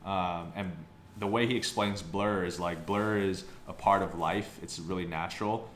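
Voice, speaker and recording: Laid-back young male reviewer, deep voice, rambly and profane, echoey room with faint background hiss. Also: fairly even intonation, moderate pace, fairly bright tone. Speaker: photobook reviewer. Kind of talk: casual review chat. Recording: roomy sound with faint background noise.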